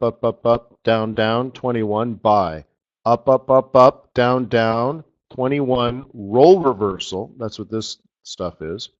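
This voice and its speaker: A man hosting a live trading webinar, walking viewers through charts in an excitable, slangy, chatty way. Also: medium pitch. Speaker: forex trading webinar host. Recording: slightly dull lo-fi audio.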